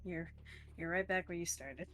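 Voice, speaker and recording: A woman acting as game master in a tabletop game over voice chat, relaxed and often laughing. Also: fairly low pitch, normal speed. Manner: relaxed, counts squares aloud, laughs often. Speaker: dungeon master.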